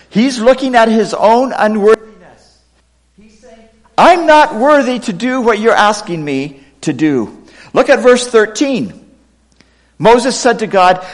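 A middle-aged male pastor delivering a sermon in a high voice that swoops widely in pitch. He acts out scripture quotes with dramatic emphasis. His voice rings with the long reverb of a large hall. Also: expressive, measured pace. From United States, raised partly in Pakistan.

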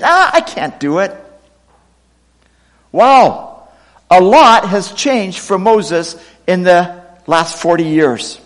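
A middle-aged man preaching a sermon, reading scripture quotes with expressive, dramatic delivery. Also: high voice, big-room sound. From United States, raised partly in Pakistan. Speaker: pastor.

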